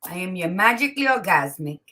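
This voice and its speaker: A woman co-hosting a casual morning chat from home, lively and switching between English and Spanish, laughing often. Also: lowish voice, brisk. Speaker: co-host. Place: home, by a window.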